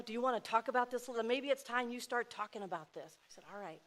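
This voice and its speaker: A middle-aged woman giving a heartfelt personal speech to an audience, swinging between loud exclamations and soft asides. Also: on the high side, fast, a faint crowd, a little hiss or hum. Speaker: speaker at a dinner event.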